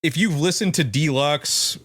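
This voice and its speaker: A man's voice: a little high, a little slow, fairly bright tone. A man co-hosting a podcast in easy, laid-back casual chat. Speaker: podcast co-host.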